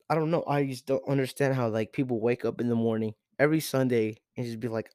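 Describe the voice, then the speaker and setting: A man's voice: mid-range voice, steady tone, fast, few pauses, a little mellow, dry recording, clean studio sound. A teenage boy hosting a podcast, ranting in an exasperated, profane way with lots of repeated rhetorical questions. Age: teens. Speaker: podcast host. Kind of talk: solo sports rant.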